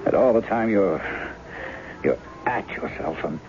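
A man's voice: on the low side, animated, unhurried, vocal fry, noisy background. An actor playing a charming male impostor in a 1970s radio drama, wry and teasing, often laughing. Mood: rueful. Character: charming male impostor, a blocked novelist posing as a husband. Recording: dull old radio broadcast with music.

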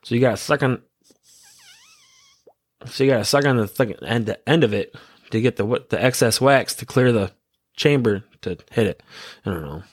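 A man's voice: medium pitch, normal speed, pauses often, husky, no echo. A man in his thirties hosting a podcast, rambling casually in a laid-back, giggly, stoned way. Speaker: podcast host.

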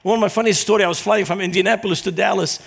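A middle-aged man from Lebanon, preaching in a lively storytelling manner as a guest speaker. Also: high voice, very fast, gravelly, breathy edge. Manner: animated, acts out quoted voices in anecdotes. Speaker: guest speaker, Christian minister. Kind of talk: storytelling sermon.

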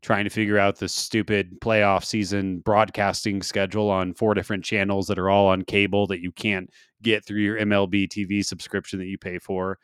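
A man's voice: fairly low pitch, flat delivery, moderate pace, clear, resonant tone, dry recording. A man co-hosting a casual sports podcast, teasing his co-host with a dry, sarcastic wit. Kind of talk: casual chat.

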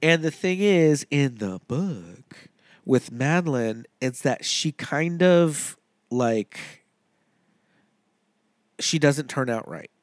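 A man's voice: a little high, lively intonation, slow pace, pauses often, dry recording. Podcast co-host, male, loose chatty delivery full of fillers, dry studio sound. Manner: rambling, many fillers, laughs often. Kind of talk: casual movie podcast chat.

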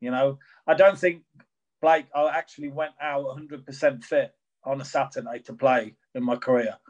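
A man's voice: mid-range voice, fairly even intonation, moderate pace, highs cut off. A middle-aged man, a former footballer, answering interview questions in a rambling way with many restarts. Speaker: former professional footballer guest.

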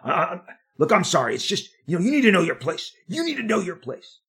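A man voicing an angry male editor who berates and shouts, repeating himself. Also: high-pitched, very animated, a little fast, breathy edge, pitched above the performer's own voice, exaggerated voice. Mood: scolding. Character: angry screaming male comics editor, bullying.

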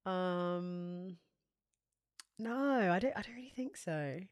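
A woman with a London accent co-hosts a podcast, chatting casually and acting out the dialogue in her animated stories. Her voice is lowish and slow, captured in a dry, studio-quality recording.

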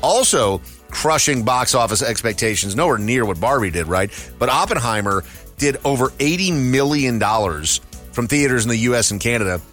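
Male radio host, upbeat quiz patter, lively pitch, bright voice. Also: moderate pace, faint music behind. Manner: upbeat game-show patter. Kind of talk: radio show segment hosting.

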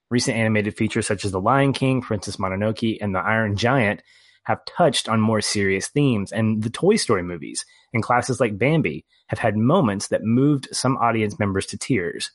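A man's voice: lowish voice, dry recording. A man co-hosting a podcast, talking about a film in a wry, hesitant way. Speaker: podcast co-host. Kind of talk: casual film review chat.

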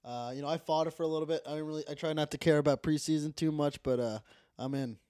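A man's voice: a little high, steady tone, fast talker, mellow, dry recording, clean studio sound. A man co-hosting a casual sports podcast, laid-back and wisecracking. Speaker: podcast co-host. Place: indoors at a table with the host.

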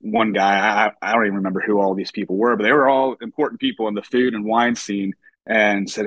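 A man's voice: fairly low pitch, steady tone, quick pace, a bit bright, dry recording. A young adult man, a chef from the United States, telling stories casually in an interview, full of fillers and acting out quoted voices. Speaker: chef, podcast guest.

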